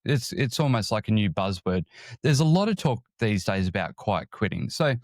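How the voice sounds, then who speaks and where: A man hosting a podcast interview, asking questions in a measured, deliberate way. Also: lowish voice, very animated, no room sound, clean studio sound. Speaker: podcast host.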